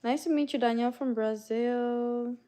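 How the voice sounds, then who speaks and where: A woman from Canada hosts a casual livestream where she greets viewers by name and reads their messages out. Her voice is on the high side with a dark tone, fairly even intonation, and a moderate pace.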